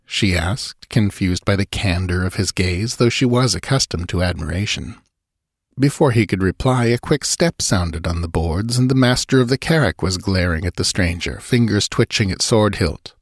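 A man narrating an adventure story as an audiobook, measured and dramatic. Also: sits low, fairly even intonation, dry recording, clean studio sound.

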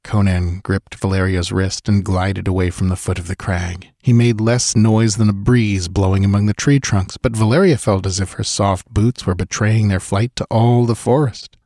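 A man with a fairly low voice narrates an audiobook in a measured, steady way. The recording is dry and close, with no room sound. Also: dry recording.

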